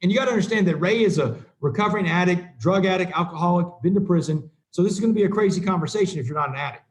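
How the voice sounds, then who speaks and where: Guy, middle-aged, sharing his recovery story with a group, earnest, voice a bit on the high side. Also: rapid-fire. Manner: earnest storytelling, acts out quoted dialogue. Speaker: recovery speaker. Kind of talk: personal recovery talk to a group.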